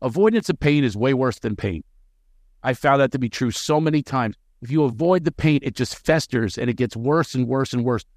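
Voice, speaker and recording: A male comedian sitting in as a podcast guest, talking fast and with plenty of energy. He slides into quick impressions in the middle of his stories. The sound is dry and close, with no room echo. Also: medium pitch. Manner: energetic, jumps into quick character voices. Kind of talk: animated podcast storytelling.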